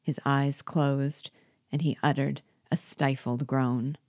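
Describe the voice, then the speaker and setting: A woman reading a classic novel aloud in a measured, expressive storytelling manner. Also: rumbling low, no echo, studio quality. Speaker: reader and teacher.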